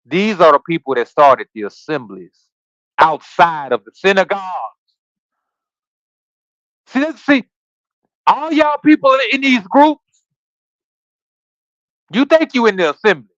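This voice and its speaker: A man's voice: high voice, fairly bright tone, no echo, lo-fi sound. A man hosting a livestreamed Bible study, reading scripture aloud and then riffing on it in a casual, preachy way while quizzing his listeners. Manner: casual slangy asides between readings. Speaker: scripture study podcast host. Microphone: streaming setup.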